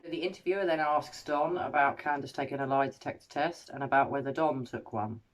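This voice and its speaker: Measured analytical woman commentator. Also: very deep voice. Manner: measured, analytical, paraphrases each quote then judges it. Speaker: host analysing a recorded interview. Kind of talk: scripted commentary.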